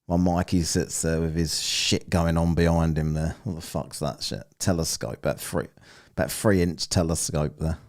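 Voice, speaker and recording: A man's voice: a bass voice, normal speed, a little mellow. A man giving mocking, profane commentary over a live stream, laughing at the people he watches. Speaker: streamer reacting to a debate.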